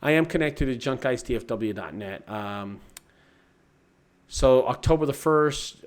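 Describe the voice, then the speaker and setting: A man's voice: mid-range voice, expressive, unhurried. A man, the owner of a junk removal business, chatting loosely with his livestream viewers. He swears a lot, rambles and often restarts his sentences. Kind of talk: casual livestream chat with viewers.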